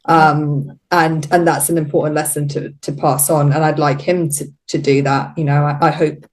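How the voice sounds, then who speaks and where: A woman's voice: low voice, flat delivery, normal speed. A middle-aged woman, a guest on a podcast, talking reflectively and casually, laughing often. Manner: reflective, laughs often, quotes herself in little voices. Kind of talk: casual interview chat.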